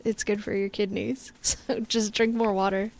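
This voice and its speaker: Streaming live on Twitch, this young woman talks casually with viewers in a bossy, laughing manner, acting out what others say. She speaks at normal speed in a medium pitch, with a flat delivery and vocal fry.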